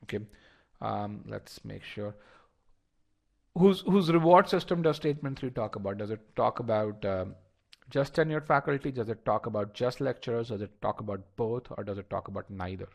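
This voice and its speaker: A man with a lowish, creaky voice speaks at normal speed while leading a live online test-prep lesson. The instructor addresses his students directly, often repeating words and restarting sentences.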